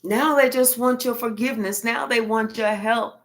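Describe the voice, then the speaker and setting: Woman tarot reader, casual spoken reading, blunt and profane, slightly high voice. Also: fairly even intonation, normal speed.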